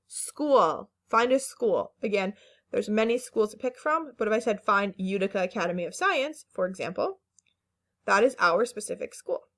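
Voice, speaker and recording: A woman teaching a phonics lesson to children, speaking slowly and carefully, stretching each word and encouraging the class. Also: medium pitch, expressive, fairly bright tone. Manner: slow, careful word-by-word enunciation; patient and encouraging, with fillers.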